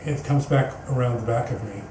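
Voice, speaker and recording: A man's voice: medium pitch, fairly quick. A man giving a personal storytelling talk as guest speaker at a spiritual center, earnest and rambling, often restarting his sentences. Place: meeting hall, indoors. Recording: echoey hall, distant mic, background noise.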